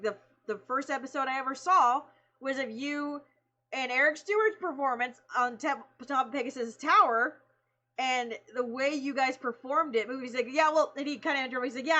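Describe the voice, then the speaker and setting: A woman streamer excitedly telling a story in casual chat, laughing, swearing and acting out the people she quotes. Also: high voice, highs cut off.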